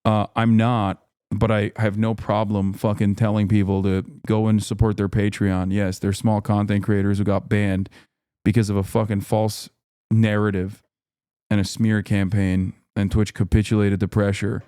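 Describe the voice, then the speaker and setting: A man's voice: lowish voice, little pitch movement, normal speed, dark tone, clean tone, dry recording, clean studio sound. A man hosting a livestream, reading chat aloud and ranting in a heated, profane, exasperated way. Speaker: livestream host.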